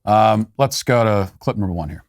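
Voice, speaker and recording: A man's voice: fairly low pitch, animated, normal speed, slight background noise. A man hosting a commentary show, talking casually with sarcastic, wry asides. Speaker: podcast host.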